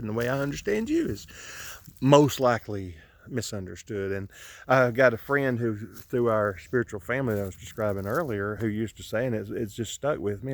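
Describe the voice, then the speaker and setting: A vlogger in mourning records an emotional, sermon-like monologue on his own land, stopping and starting over again and again. He speaks at a medium pitch with vocal fry, captured by his own filming camera.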